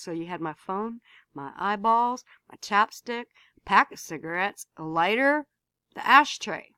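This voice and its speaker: A woman speaks straight to her camera from home, telling a story in a loose, blunt way. She swears freely and repeats words when she gets worked up. The sound is dry, with no room echo, and her pitch sits in the middle. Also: animated, unhurried, sharp tone, clean tone. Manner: blunt, swears freely, repeats herself, rising to emphatic outbursts. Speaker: vlogger.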